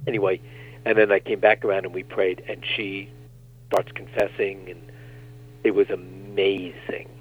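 A man, a guest minister, telling animated stories on a talk show and acting out the quotes. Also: low-pitched, normal speed, a little hiss or hum. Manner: animated storyteller, acts out quotes. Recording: tinny phone line.

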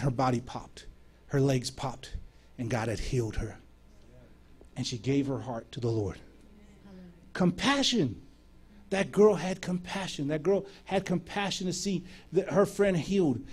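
A man preaching, telling a lively story and acting out the dialogue of the people in it. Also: a little high. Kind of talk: sermon storytelling.

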